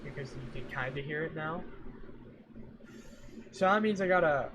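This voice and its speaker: Setting up his audio while live, a young man jokes and rambles with his chat, often talking to himself too. His voice is a little high and his pace moderate. Faint fan noise runs behind his home mic.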